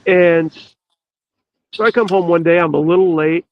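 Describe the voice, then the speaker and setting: A man, a podcast guest, telling a story in an earnest, emphatic way with drawn-out pauses. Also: fairly high pitch. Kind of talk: storytelling in casual chat. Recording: dull, lo-fi dry sound.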